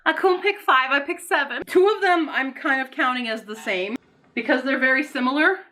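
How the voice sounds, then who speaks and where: A woman's voice: high voice, normal speed. A woman chatting casually in a Q&A vlog, bubbly and rambling, restarting her sentences as she thinks. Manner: talks softly and coos to her pets. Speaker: booktube author and vlogger.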